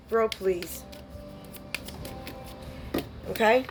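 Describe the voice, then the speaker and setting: A woman's voice: on the high side, steady tone, takes it slowly, faint music behind. Blunt scolding woman tarot reader. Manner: blunt, scolding, streetwise slang. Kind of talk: spiritual reading monologue.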